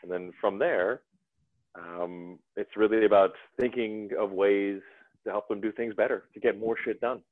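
A man talking casually as a podcast guest, animated and rambling with restarts. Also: on the low side, normal speed, dry recording. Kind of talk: casual conversation. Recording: dry, phone-like narrow sound.

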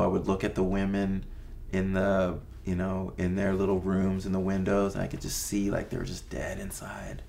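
A man's voice: deep voice, vocal fry, darkish tone. A man in his fifties, a guest in a casual interview, telling a story in a laid-back, loose way, dropping to a near-whisper when he quotes himself.

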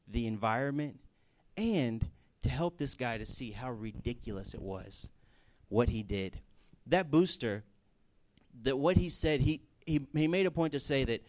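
A man preaching a sermon in a casual way, telling stories with lively bursts and everyday fillers. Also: medium pitch. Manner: casual, animated storytelling with fillers. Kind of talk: sermon with storytelling.

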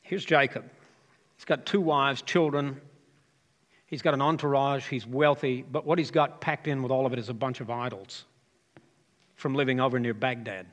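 A man's voice: mid-range voice, normal speed, pauses often. A man in his fifties, a pastor, preaching a sermon and joking with the congregation. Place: church hall. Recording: live hall reverb.

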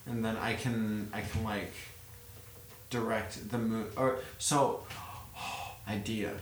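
Rambling man pitching a scheme. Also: slow pace. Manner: rambling, excited planning with many fillers. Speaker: player. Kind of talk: tabletop game banter. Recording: echoey room, faint noise.

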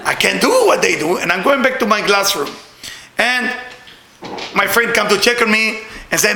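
A middle-aged man telling a personal story in broken English, animated and laughing often. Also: high-pitched, moderate pace, reverberant, a little hiss or hum.

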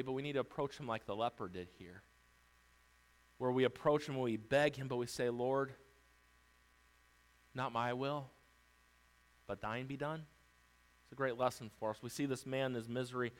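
A man preaching a sermon as pastor, emphatic, swinging between loud declarations and hushed lines, acting out pleas. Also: medium pitch, low-quality recording. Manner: acts out Bible characters' pleas.

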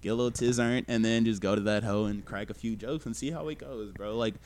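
A man's voice: on the low side, a little fast, darkish tone. A young man, a podcast guest, telling stories in a laid-back, slangy, casual way. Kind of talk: casual chat, storytelling.

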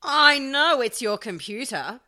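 A woman voicing a hysterical middle-aged mother who yells and pleads with her son. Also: big pitch swings, extremely slow, full character voice. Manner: shrill, yelling, desperate.

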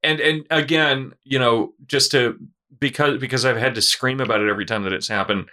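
A man's voice: mid-range voice, fairly even intonation, a little fast, sharp tone. A man hosting a casual podcast, rambling and sarcastic with frequent laughter. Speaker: podcast host.

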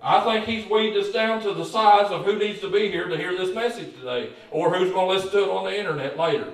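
A pastor preaching a folksy, joking sermon, often repeating words and calling out for amens. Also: male voice, high voice, quick pace. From Kentucky. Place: church sanctuary. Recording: very echoey church, voice far from mic.

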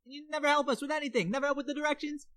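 Brash high-voiced woman podcast co-host. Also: fairly even intonation, racing, a bit bright. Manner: brash and mocking, exaggerated outrage. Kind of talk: mock trash-talk comedy podcast.

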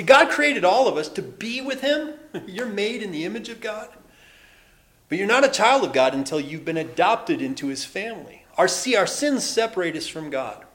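A man in his forties preaching a sermon in a church, animated, acting out voices and laughing often. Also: on the high side. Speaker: pastor. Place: church building.

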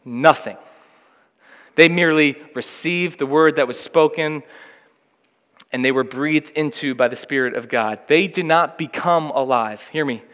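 A man with a fairly high voice preaches a sermon in a church sanctuary. He reads scripture aloud, then explains it with rising emphasis, and his voice carries a long reverb through the hall. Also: unhurried, fairly bright tone. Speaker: pastor.

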